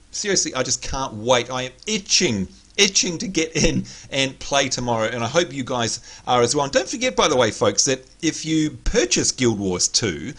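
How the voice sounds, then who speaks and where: A man hosting a casual gaming livestream, chatty and excitable, greeting viewers by name, his voice a little hoarse. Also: mid-range voice. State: slightly hoarse. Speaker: livestream host.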